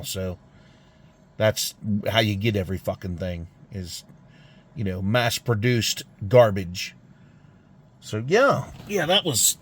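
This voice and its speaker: A man ranting casually and angrily to camera in a garage, swearing constantly and grumbling about a failed car repair. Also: fairly low pitch. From United States. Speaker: garage vlogger. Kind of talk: casual profane rant to camera. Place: home garage.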